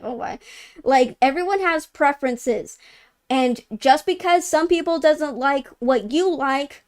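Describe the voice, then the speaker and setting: A woman co-hosting a gaming news livestream in casual chat, rambling with lots of "like" fillers. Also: high voice. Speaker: co-host of a gaming news show. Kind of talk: casual live-stream chat.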